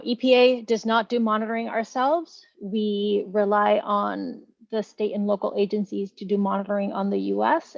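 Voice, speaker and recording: A woman from a government agency giving an informative presentation in an online meeting, steady with some fillers. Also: mid-range voice, gravelly, dry recording, highs cut off. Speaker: EPA staff presenter. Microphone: video call.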